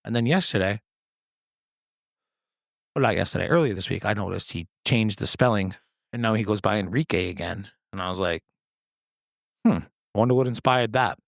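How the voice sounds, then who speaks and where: A man in his thirties talks alone on his podcast, rambling from one story to the next and swearing freely. His voice sits on the low side. The sound is close and completely dry. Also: a little fast, creaky, long pauses, no echo. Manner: rambling, profane, jokey storytelling with sudden high-pitched quoted voices. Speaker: podcast host. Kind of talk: casual solo chat.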